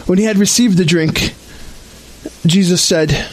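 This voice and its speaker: A man with a notably high voice leads worship as pastor at an outdoor service. He reads the scripture slowly and solemnly, giving each phrase careful weight. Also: rough recording. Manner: slow, measured, solemn reading. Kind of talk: liturgical scripture reading.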